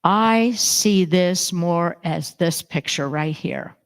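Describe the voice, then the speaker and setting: This woman minister has a lowish, clean-toned voice and speaks slowly as she preaches in a church sanctuary. Her sermon is full of animated stories where she acts out everyone's voices.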